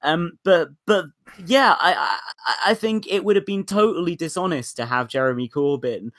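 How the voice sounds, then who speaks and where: A man talking through politics in a casual, animated way, sometimes mocking and swearing. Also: fairly high pitch, normal speed, no echo, clean studio sound.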